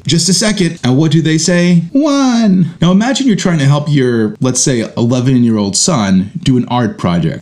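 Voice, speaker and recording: A man's voice: mid-range voice, a little mellow. A man hosting a casual philosophy lesson, talking playfully and conversationally. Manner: playful, conversational, acts out kid voices. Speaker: host.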